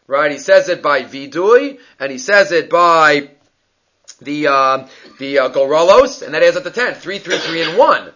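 A man with a high, bright voice teaches a Talmud lesson, reading the text and explaining it line by line. He works through each step aloud. The recording sounds dull and lo-fi. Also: lively intonation, a little slow. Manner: explains text line by line, thinking aloud, uses Hebrew and Aramaic terms. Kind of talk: daily Talmud class lecture.

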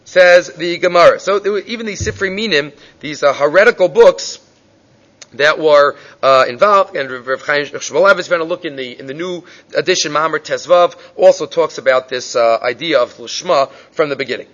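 A man teaching a Gemara class, telling the stories with animated voices for the people in them. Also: fairly high pitch, moderate pace. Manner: animated storytelling, acting out voices in quotes. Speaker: Talmud teacher. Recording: dull lo-fi recording.

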